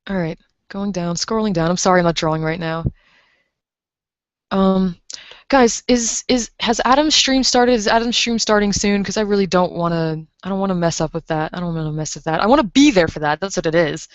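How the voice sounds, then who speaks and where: A woman's voice: mid-range voice, brisk, clean tone, dry recording. A woman in her twenties livestreaming from home, chatting casually in a rambling, filler-heavy way and reading viewers' messages aloud. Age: 20s. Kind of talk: casual stream chat. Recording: dull lo-fi stream mic.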